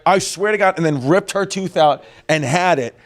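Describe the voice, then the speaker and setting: A man hosting a podcast, telling stories in a loose, animated way, full of fillers and swearing. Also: high voice, normal speed. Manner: animated storyteller, lots of "like" and swearing. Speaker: podcast host. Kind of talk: casual chat.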